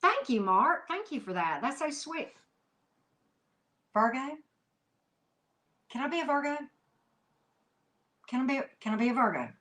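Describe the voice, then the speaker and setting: A woman's voice: high voice, very animated, a little slow, pauses often, fairly bright tone. A woman giving a live tarot reading, talking emphatically and chattily to her viewers, with frequent "mm-hmm" asides. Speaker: tarot reader.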